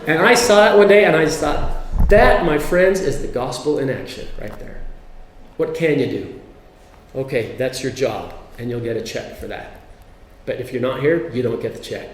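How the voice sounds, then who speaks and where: A man's voice: medium pitch, normal speed, slight background noise. A man giving a religious talk with humor, acting out family members' quotes as he tells stories. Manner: animated storyteller who acts out quotes. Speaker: speaker. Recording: echoey hall.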